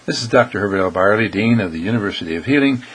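A man's voice: lowish voice, expressive, rapid-fire, low-quality recording. A man giving a short inspirational talk as dean of a healing school, repeating his points with emphasis and acting out his listeners' questions. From United States. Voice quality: gravelly, husky.

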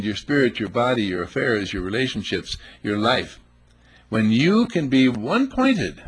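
A man's voice: medium pitch, fairly bright tone, slightly rough. A man preaching a sermon, emphatic and full of rhetorical questions, acting out little scenes as he goes.

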